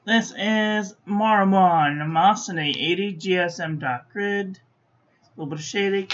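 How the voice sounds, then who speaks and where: A sleepy woman giving dry, low-key commentary while testing ink on paper. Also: a little slow. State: sleepy, yawning. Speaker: stationery reviewer. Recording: dull lo-fi recording.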